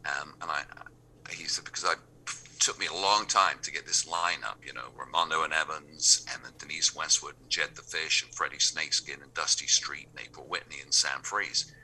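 A man's voice: a bass voice, fairly even intonation, normal speed, pushed and bright, a little hiss or hum. A man with an English accent, a radio DJ telling anecdotes and acting out the dialogue of the people in them. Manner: acts out remembered dialogue in quoted voices. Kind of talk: anecdotal storytelling.

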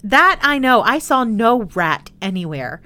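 A woman's voice: a little high, very animated, a little slow, pushed and bright, voice pushed up, exaggerated voice. A woman voicing a blunt, eager older boy.

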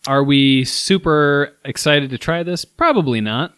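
A man's voice: fairly high pitch, expressive, measured pace, a bit bright, clear, resonant tone, no room sound. A man co-hosting a casual podcast chat, rambling and hesitant but candid. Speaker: podcast co-host.

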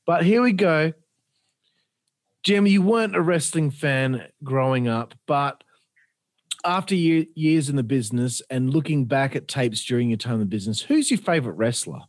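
A man's voice: mid-range voice, animated, moderate pace, no room sound. A man hosting a casual interview, laughing often and calling his guest bro. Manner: laughing, enthusiastic, says bro. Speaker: podcast host.

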